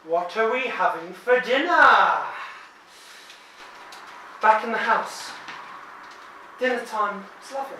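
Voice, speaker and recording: A woman telling a spooky story to a live audience, dropping to hushed tones and bursting out loud. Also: fairly high pitch. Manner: dramatic hushed drops and loud outbursts. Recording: echoey room from far off, light noise.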